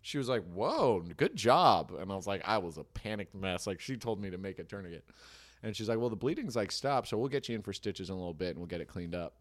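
A man's voice: on the low side, animated, fast talker. A man in casual chat, telling stories and acting out the people in them. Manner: acts out the people in his stories.

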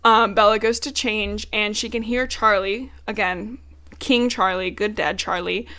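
A woman's voice: medium pitch, fairly even intonation, unhurried, pushed and bright. A woman co-hosting a podcast, casually retelling a book's plot in a loose, chatty way with frequent swearing. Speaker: podcast co-host. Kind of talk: casual book recap chat.

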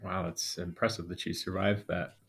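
A man's voice: low voice, little pitch movement, normal speed, a bit bright, husky. A man playing a tabletop game who talks earnestly and hesitantly, with many fillers. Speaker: player. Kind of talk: in-character casual talk.

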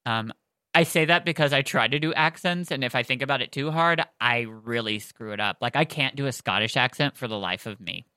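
A podcast co-host chatting excitedly about a book series and reading it aloud, with lots of "like" and fillers. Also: medium pitch, a little fast, clear, resonant tone, dry recording, clean studio sound. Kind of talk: excited casual chat and read-aloud.

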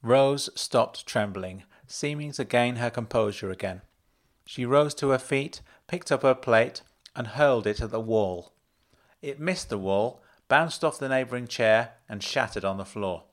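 A man reads a story aloud in a measured, even delivery. His voice sits at a mid pitch. Plain close sound. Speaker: narrator. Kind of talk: storytelling reading.

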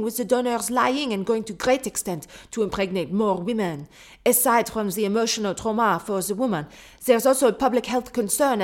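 A woman's voice: mid-range voice, lightly acted. Woman putting on a French-accented letter writer. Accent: put-on French accent. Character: French-speaking listener reading her own letter.

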